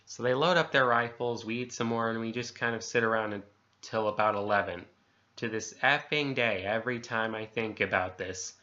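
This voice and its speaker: A man's voice: fairly low pitch, pushed and bright, lo-fi sound. A man casually reading a horror story aloud, swapping swear words for letters and euphemisms as he goes. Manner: conversational, self-censoring swears with letters.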